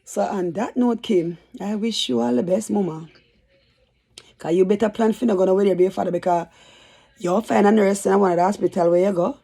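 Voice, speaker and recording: A woman's voice: mid-range voice, fairly even intonation, a little fast, gravelly, warm tone, breathy edge. A woman telling a rambling, chatty story for her vlog. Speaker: YouTuber.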